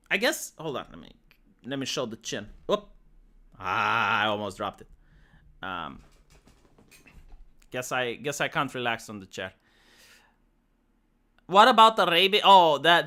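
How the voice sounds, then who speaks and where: A Romanian-accented streamer, a native Romanian speaker, chatting loosely and crudely with an audience. The pitch swoops up and down freely. The tone is bright and sharp, full of "like" and repeated starts. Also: expressive, a little slow, long pauses. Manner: rambling, profane, jokey, with frequent fillers and restarts. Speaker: live streamer. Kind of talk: casual live-stream chat answering viewers.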